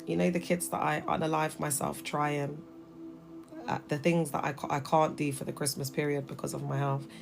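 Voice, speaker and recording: A woman's voice: sits low, flat delivery, normal speed, creaky, music in the background. A woman in her thirties hosting a casual livestream from her phone, talking emphatically and addressing viewers directly. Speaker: livestream host.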